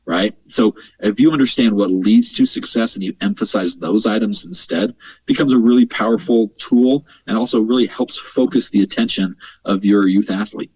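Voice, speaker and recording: A man's voice: fairly low pitch, normal speed, a little mellow, slightly rough, no echo. A man speaking as a mental performance coach on an interview podcast, explaining earnestly at length, repeating words as he thinks and tagging points with "right?". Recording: dull lo-fi sound, dry.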